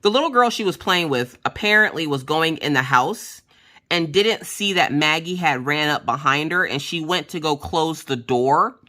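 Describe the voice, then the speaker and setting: A woman telling home stories in a relaxed vlog chat, with a bright, forceful edge to her voice. Her pitch swings widely as she acts out what other people said. She is blunt and swears without a second thought. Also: normal speed. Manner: animated, acts out quoted voices. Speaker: craft vlogger. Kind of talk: casual storytelling chat.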